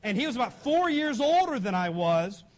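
A man's voice: extremely high pitch, very animated, normal speed. A middle-aged man preaching a conversational sermon, with frequent asides to the congregation. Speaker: pastor.

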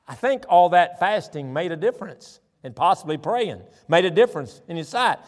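A man with a Southern accent from Tennessee and Alabama, preaching a folksy, animated sermon with chatty asides. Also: on the high side, normal speed, few pauses. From southern Tennessee and northern Alabama. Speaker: pastor. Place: large church sanctuary. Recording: church hall reverb.

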